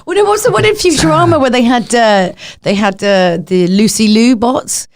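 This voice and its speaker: A woman with a London accent chatting as a podcast guest, animated and giggly as she tells stories. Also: a little high, normal speed. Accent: London English. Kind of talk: casual podcast chat.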